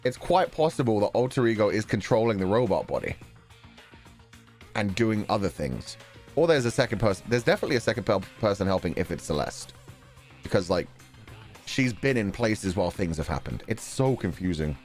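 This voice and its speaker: A man's voice: fairly low pitch, sing-song, brisk, darkish tone, soft background music. A man streaming a video game, chatting casually while he reacts, swearing and laughing as he theorizes. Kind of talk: let's-play commentary.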